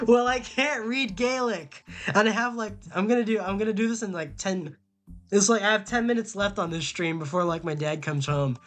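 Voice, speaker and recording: A young man with a fairly high voice streams casually, reading quiz questions aloud. He answers in a rambling, flustered way, often stammering and repeating himself.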